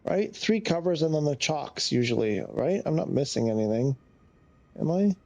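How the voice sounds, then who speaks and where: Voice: mid-range voice, big pitch swings, normal speed, a little mellow, no room sound. A flight sim streamer talking to themselves during live gameplay, muttering, sighing often and getting easily frustrated.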